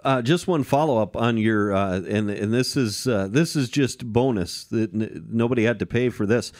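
A man's voice: mid-range voice, normal speed, a little mellow. A man co-hosting a racing podcast, reading schedules and chatting in an easygoing, hesitant way with frequent fillers. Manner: easygoing, hesitant with many uh's, chuckles. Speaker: podcast co-host. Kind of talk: casual chat and schedule reading.

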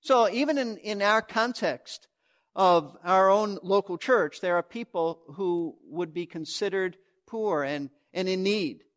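A man's voice: sits high, measured pace, a bit bright. A pastor preaching a sermon to his church, earnest and emphatic, often restarting a phrase as he teaches.

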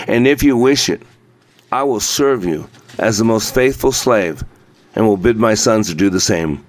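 A man's voice: medium pitch, close to an everyday voice. Male reader playing a faint, wounded bearded man, weak and pleading, storybook. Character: wounded bearded man, repentant former enemy.

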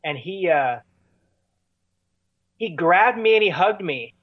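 A man, a musician, tells long stories in an interview, wandering through fillers and restarts. His voice sits a bit high. The sound is dry and somewhat muffled, like a lo-fi recording. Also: lively intonation, slow, no echo. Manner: rambling, many fillers and restarts. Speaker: touring musician guest. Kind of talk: casual storytelling in an interview.

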